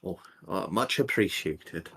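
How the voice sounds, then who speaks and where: A man's voice: low voice, lively intonation, unhurried, gravelly, background noise, exaggerated voice. A man voicing a short, polite male dwarf baker who runs a stall, with a hesitant, stammering shopkeeper's manner. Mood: flustered grateful.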